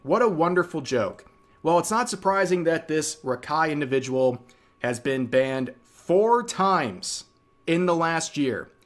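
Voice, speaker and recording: A man's voice: fairly high pitch, animated, unhurried, faint music behind. A man hosting a commentary video, narrating clips with dry sarcasm. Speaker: commentary channel host.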